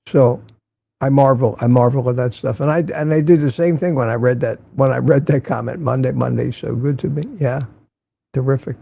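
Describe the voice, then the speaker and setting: Gravelly older man chatting with viewers. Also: fairly high pitch, warm tone. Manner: chatty, greets viewers by name, wry asides. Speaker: livestream host. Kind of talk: casual morning livestream chat.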